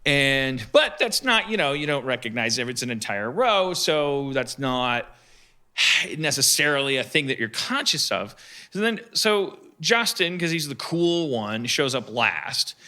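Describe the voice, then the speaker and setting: A man telling a rambling comic story on a live podcast, halting and restarting often as he goes. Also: medium pitch, sing-song, pushed and bright.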